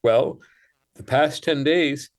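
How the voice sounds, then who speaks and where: A man, a writer, speaking as a guest in a radio interview, explaining in a measured and thoughtful way. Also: on the high side.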